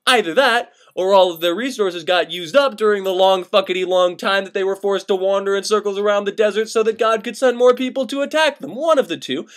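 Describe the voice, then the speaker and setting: A man's voice: high-pitched, brisk, hardly any pauses. A young man retelling an old myth as profane comedy, sarcastic and exasperated, swearing freely. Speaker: comedic storyteller.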